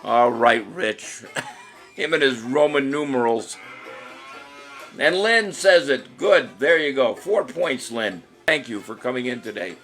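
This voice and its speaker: A man's voice: medium pitch, lively intonation, takes it slowly, a bit bright, faint music behind. A man hosting a casual trivia live stream, joking and chuckling while he reads out viewers' answers. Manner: jokey, rambling, chuckles often, reads commenters' answers aloud. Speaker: trivia show host.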